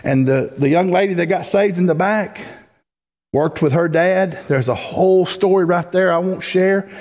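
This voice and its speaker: Folksy preacher in a reverberant church. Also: male voice, sits high, moderate pace, darkish tone. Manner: folksy, rises to emphatic preaching peaks. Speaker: pastor. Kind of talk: sermon. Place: church sanctuary. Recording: long hall reverb.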